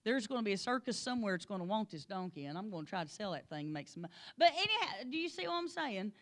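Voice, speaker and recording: A woman teaching a Bible lesson, telling the story with lively energy and calling on class members by name. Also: mid-range voice, fast talker. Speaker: Sunday school teacher.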